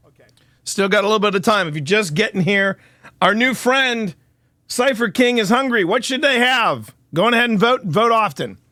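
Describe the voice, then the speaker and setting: A man hosting a live stream in casual chat with viewers, excitable and quick to laugh and shout. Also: high-pitched, no echo. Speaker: livestream host.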